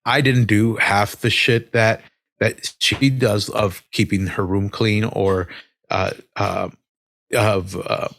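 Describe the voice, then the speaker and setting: A man's voice: fairly low pitch, fairly even intonation, slow, gravelly, fairly bright tone, dry recording, studio quality. A man in his thirties co-hosting a podcast, talking candidly about raising his kids, with fillers and swearing. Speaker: podcast co-host. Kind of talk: casual chat.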